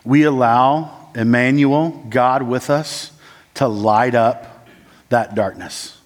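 Preaching in a hall with a long, echoing reverb, this church planting resident swings from loud, pressing passages to soft, slow, hushed ones. His speech is peppered with "uh" and "like."

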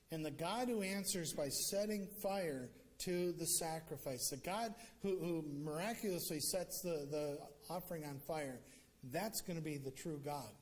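A man's voice: on the high side, darkish tone. A man voicing a bold, mocking male prophet in casual modern speech during a sermon. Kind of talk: retelling a scripture scene in a sermon.

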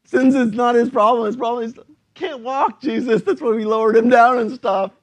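A man voicing an exasperated young male friend who talks bluntly in slang, his voice high and loud. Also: fairly even intonation, moderate pace.

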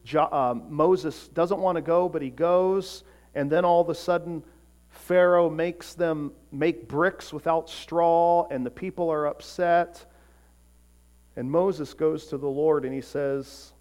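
A man preaching a sermon, earnest, swinging from emphatic peaks to quiet, soft passages. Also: fairly high pitch, unhurried. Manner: acts out short voices in quotes. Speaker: pastor.

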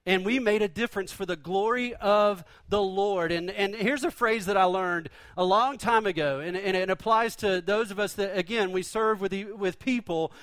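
A man's voice: sits high, normal speed, hardly any pauses, fairly bright tone, no room sound. A male pastor preaching a sermon in a conversational, joking storytelling manner.

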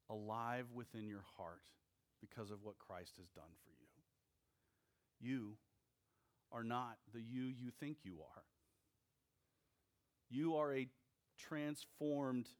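A male pastor delivers a sermon at an unhurried, measured pace. His voice sits at a middle pitch, and he breaks his sentences into short, weighty phrases with deliberate pauses. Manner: slow, deliberate preaching with emphatic pauses.

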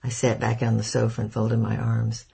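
Gravelly, husky man reading a novel. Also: on the low side, completely flat delivery, moderate pace, warm tone. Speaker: audiobook narrator. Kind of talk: first-person novel narration.

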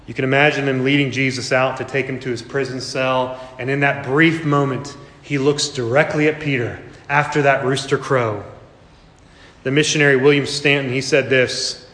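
A man preaching a sermon as a pastor, earnest, slowing down and repeating phrases for emphasis. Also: medium pitch, steady tone, a bit bright. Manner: earnest, with dramatic slow emphasis and repetition. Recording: echoey hall reverb.

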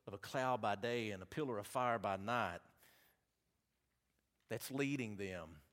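A man with a Southern accent preaching a sermon, reading scripture and making folksy, animated asides to the congregation. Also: fairly low pitch, measured pace, pauses often.

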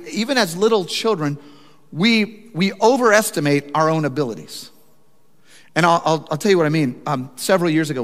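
A man preaches a sermon in a high, bright-toned voice that leaps up and down as he tells a story. His emphasis keeps building, and the long reverb of a big hall trails behind every phrase. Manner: animated storytelling with rising emphasis. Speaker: pastor.

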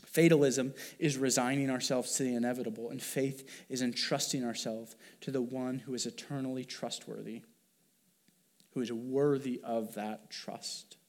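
A man's voice: medium pitch, steady tone, normal speed. A man preaching a sermon as pastor, talking in an earnest, conversational way with fillers and restarts.

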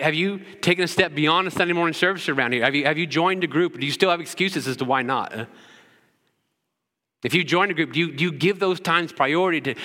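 Bright-voiced preacher man in a reverberant hall. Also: a little high. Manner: rhetorical questions, repetitive emphatic preaching. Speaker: pastor. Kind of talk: sermon.

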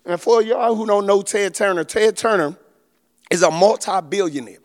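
Very high-voiced preacher in a reverberant hall. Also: male voice, moderate pace. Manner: repeats words and stammers, building from quiet storytelling to shouted preaching. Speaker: pastor. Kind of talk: sermon.

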